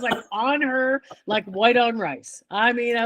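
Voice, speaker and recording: An older woman guest chatting in a relaxed way, telling lively stories and laughing often. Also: a little high, measured pace, hardly any pauses. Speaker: guest chorus singer. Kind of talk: casual storytelling chat.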